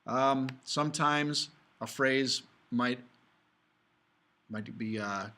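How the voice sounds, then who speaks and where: A man's voice: mid-range voice, extremely slow, bright, forceful tone. A man teaching music theory in a recorded video lecture, talking casually through slides and stopping to sing short examples.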